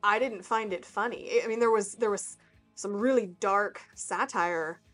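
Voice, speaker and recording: A chatty woman co-hosts a podcast, talking casually with a friend in a mid-range, fairly bright voice at a moderate pace. She hesitates with fillers and laughs often, while faint music plays underneath.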